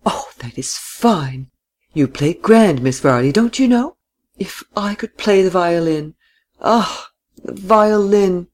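A man voicing a frail, excitable German woman of forty in an audiobook, with childlike, gushing exclamations. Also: a little high, normal speed, hardly any pauses, husky, voice pushed up, exaggerated voice.

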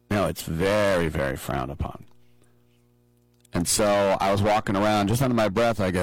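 A man casually telling a lively personal story on a podcast, acting out the quotes. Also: on the low side, a little slow, dry recording, poor audio. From from abroad, flew in to see matches. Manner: animated anecdote-telling with acted-out quotes.

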